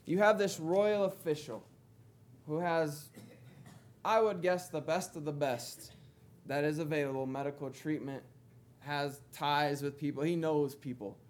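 A man preaching a sermon in a conversational way, moving between quiet asides and emphatic readings. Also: on the high side, steady tone, measured pace.

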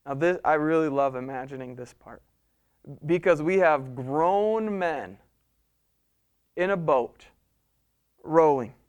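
Preacher, male, high and smooth-toned, animated storytelling from the pulpit. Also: takes it slowly, pauses often. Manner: animated storytelling preaching, swings between soft and loud. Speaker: pastor. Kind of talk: sermon.

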